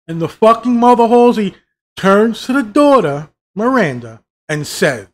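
A man's voice: high-pitched, sing-song, normal speed. A man giving a profane, exasperated review of a TV season, swearing constantly and mocking the characters' lines. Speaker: show reviewer.

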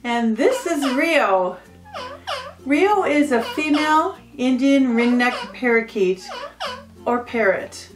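Casual pet vlogger, woman, higher voice, echoey home room with faint music under it. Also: expressive, slow. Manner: chatty, rambling, coos baby talk at her pets. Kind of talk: casual show-and-tell. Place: home with pets.

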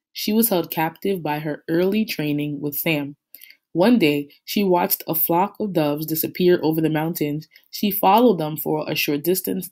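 A woman teacher reading a novel chapter aloud to her class, in a steady, unhurried storytelling manner. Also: on the low side.

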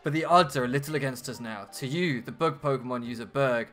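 A British man voicing a stern older male villain sage in a measured, cold way. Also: mid-range voice, a bit bright, faint music behind, lightly acted. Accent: British English.

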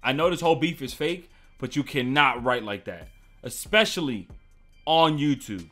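A man's voice: medium pitch, lively intonation, moderate pace, fairly bright tone, soft background music. A man hosting a reaction video, commenting in a loose, joking way with plenty of swearing. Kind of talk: casual commentary.

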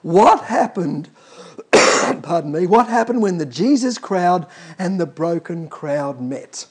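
A man's voice: a little high, measured pace, mellow, breathy edge. A man preaching a sermon, emphatic and calling out to the congregation.

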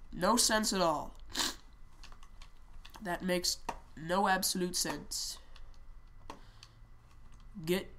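A woman giving casual, excitable commentary while playing a shooter game, often shouting and repeating words in quick bursts. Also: lowish voice. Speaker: gamer.

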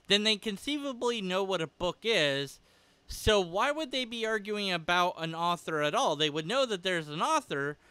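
Man, sharp and clear-voiced, sarcastic rebuttal commentary, slightly higher pitch. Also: no room sound. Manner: sarcastic, argumentative, with laughs. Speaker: video creator responding to a critic.

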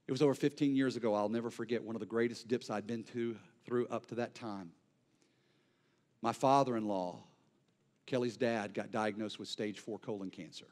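A male pastor delivering an impassioned sermon, swinging between near-shouted peaks and hushed, quiet lows.

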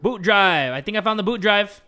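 Excitable young male game commentator. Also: sits high, moderate pace, clean tone, soft background music. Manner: excitable, loud, joking and swearing. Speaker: gaming channel host. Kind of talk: let's-play commentary.

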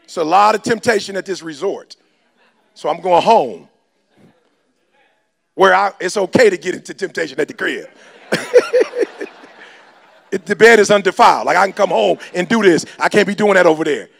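A man's voice: high-pitched, expressive, normal speed, gravelly, long pauses, fairly bright tone. A man giving a fiery motivational speech, lecturing his listeners in slangy street talk. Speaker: motivational speaker.

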